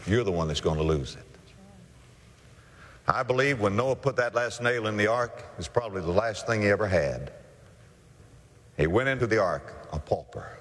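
A man preaching with fervor. His pitch swings widely as he builds and drops. His voice rings through a hall with a long reverb. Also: animated, normal speed, pauses often, a bit bright. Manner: impassioned, preacherly, acts out characters in a story. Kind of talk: evangelistic sermon with storytelling.

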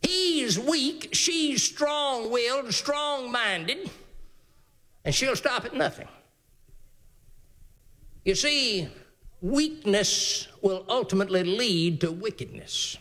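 A man's voice: very high-pitched, expressive, slow pace, pauses often, sharp tone. A male preacher giving a folksy, emphatic sermon.

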